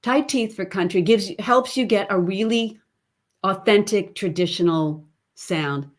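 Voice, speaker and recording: A woman's voice: mid-range voice, measured pace. A woman voice teacher giving an online webinar lesson over a computer mic, chatty and explaining as she goes. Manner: chatty, demonstrates sounds and sung snippets mid-explanation.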